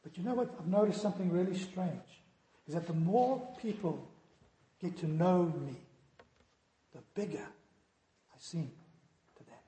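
A male pastor delivers a sermon in a high, ringing voice. He swings between forceful emphasis and hushed, dramatic drops. The sound carries a long, roomy echo from the hall. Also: lively intonation, unhurried, pauses often, slight background noise. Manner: preaching with rising emphasis and quiet dramatic drops. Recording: echoey hall.

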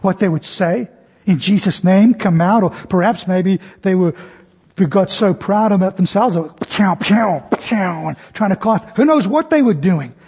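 A man's voice: lively intonation, moderate pace, warm tone, slightly rough. A man preaching a sermon, telling the scene as a story and acting out the voices in it. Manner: storytelling, acts out scenes with varied pitch. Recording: long hall reverb.

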